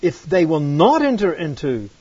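Husky man teaching from scripture. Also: a little high, big pitch swings, moderate pace, a little mellow. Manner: emphatic, rhetorical questions, reads verses aloud. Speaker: preacher. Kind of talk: Bible teaching. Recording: dull dry lo-fi recording.

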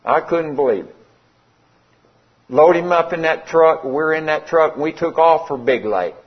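A man's voice: fairly high pitch, unhurried. A middle-aged man, preaching a sermon in a folksy, conversational way and acting out the dialogue of a story. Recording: slightly dull lo-fi sound.

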